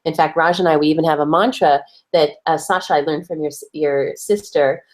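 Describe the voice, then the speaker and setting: Woman co-host, lower register, playful advice-giver who acts out quotes. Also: fairly even intonation, fairly quick. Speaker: podcast co-host. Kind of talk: relationship advice chat.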